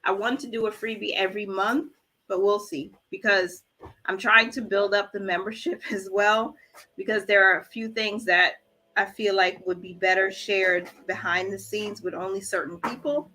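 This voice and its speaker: A woman's voice: medium pitch, steady tone, normal speed. A woman hosting a budgeting livestream, chatting casually with viewers and greeting them by name. She is emotional and trying to hold back tears. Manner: warm, encouraging, reads viewer comments aloud. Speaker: budgeting channel host.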